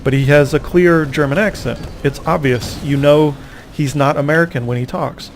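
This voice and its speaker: A man casually recapping a tournament over gameplay, rambling and poking fun at himself, with quick reactions to the match. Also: a little high, fairly even intonation, a little hiss or hum. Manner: rambling, self-mocking, reacts aloud to the game.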